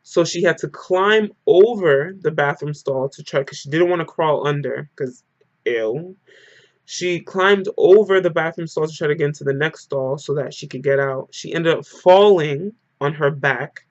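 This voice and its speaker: A man's voice: a little high, no echo. A man talking straight to camera in a casual storytime vlog, telling an emotional story packed with "like". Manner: emotional storyteller, heavy use of "like". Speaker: vlogger. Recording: dull lo-fi dry recording.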